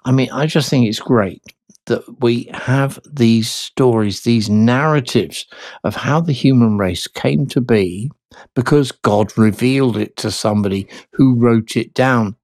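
Slow, chatty male radio presenter. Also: mid-range voice, no echo, studio quality. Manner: chatty, musing, gently playful. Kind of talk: presenting a hymn and Bible radio show.

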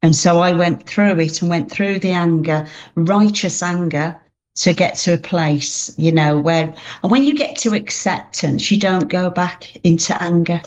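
Woman, lower voice, earnest, repetitive, faith testimony. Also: unhurried, a little mellow. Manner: earnest, repeats phrases, reads own poem aloud. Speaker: guest. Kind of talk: faith interview, personal testimony.

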